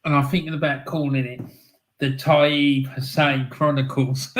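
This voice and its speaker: A man's voice: a little high, little pitch movement, unhurried, fairly bright tone. A man from England hosting a live fan stream, chatting casually as he reads out viewer comments, laughing often and repeating phrases for emphasis.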